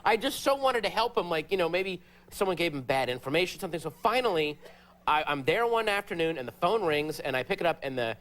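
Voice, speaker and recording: A man on a late-night talk show, telling a comic story with animated delivery and sudden high shouted impressions. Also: fast talker. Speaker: comedian guest.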